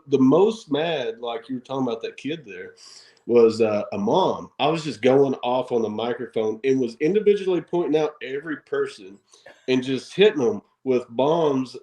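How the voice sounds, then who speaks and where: A man's voice: mid-range voice, darkish tone, roomy sound. A man guest on a wrestling podcast, casually telling brash stories with frequent laughs and fillers. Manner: boastful, laughing, filler-heavy. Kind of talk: casual storytelling interview.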